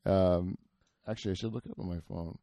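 A man's voice: sits low, steady tone, fast, gravelly, mellow, no room sound. A man hosting a podcast in casual, rambling chat, full of fillers, restarts and swearing. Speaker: podcast host.

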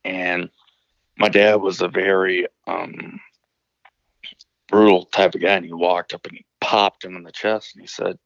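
A man's voice: low-pitched, level tone, a little slow, vocal fry, no room sound, dull audio. A man from Illinois, calling in to a show, telling a story casually, rambling and swearing with many restarts. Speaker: caller telling stories.

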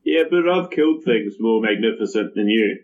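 A man voicing a rough, intimidating male adventurer who talks bluntly and menacingly. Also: on the low side, lively intonation, moderate pace, narrow, tinny audio. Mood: scornful. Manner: blunt, menacing, laid-back.

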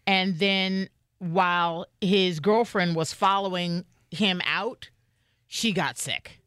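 A woman co-hosting a podcast in casual chat, telling stories in an animated way. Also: slow pace, clear, resonant tone, no echo, studio quality. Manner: animated storyteller, pitch swings widely. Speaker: podcast co-host.

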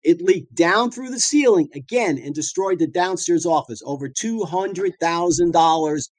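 Chatty storytelling man, slightly high voice. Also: moderate pace, dry recording. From northeastern United States. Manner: lively storyteller, colloquial, frequent fillers and restarts. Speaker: dentist and practice owner guest. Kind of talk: anecdotal storytelling talk.

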